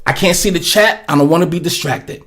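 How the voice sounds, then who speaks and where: A man's voice: on the high side, fairly quick, background noise. A man hosting a livestream, giving blunt, profane, rambling commentary with many fillers into a webcam setup. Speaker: livestream host.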